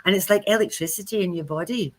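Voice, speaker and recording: A woman's voice: mid-range voice, quick pace. Chatty woman telling stories. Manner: chatty storyteller who acts out quoted speech. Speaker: co-host of a live spiritual chat stream. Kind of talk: casual live-stream talk.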